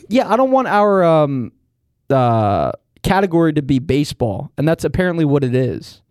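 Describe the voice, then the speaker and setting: A young man with a high voice that leaps around a lot trades playful, quick reactions on a casual podcast. His delivery is bouncy and expressive. The sound is dry and close. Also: no room sound. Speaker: podcast co-host.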